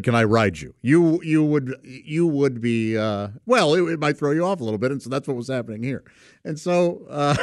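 Chuckling man with a lively voice. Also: on the high side, dry recording, clean studio sound. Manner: chuckles often while telling the story; rambling, self-correcting delivery. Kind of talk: casual anecdote telling.

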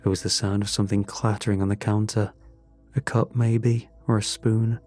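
A man narrating a first-person story in a slow, measured, somber manner. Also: lowish voice, flat delivery, darkish tone, soft background music.

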